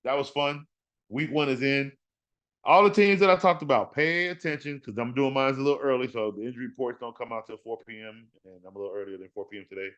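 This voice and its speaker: Talking quickly in a smooth, mid-range voice, this fantasy football podcast host is animated and full of trash talk, repeating words to drive points home. The conversation is casual, and the audio sounds dull.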